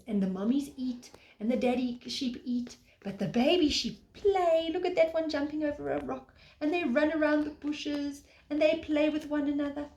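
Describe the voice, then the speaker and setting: A woman, a preschool teacher, telling a picture-book story to young children in a gentle, sing-song way, pausing to point at the pictures. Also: high voice. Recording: echoey room, faint background noise.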